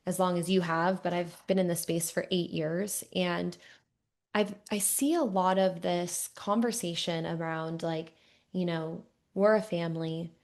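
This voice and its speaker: A woman's voice: on the low side, creaky, darkish tone. A young woman hosting a podcast, talking reflectively with many small fillers. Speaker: podcast host. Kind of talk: interview conversation.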